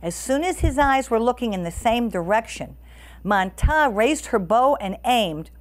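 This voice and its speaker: Animated woman reading a story aloud. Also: a little high, a little slow. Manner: expressive, animated.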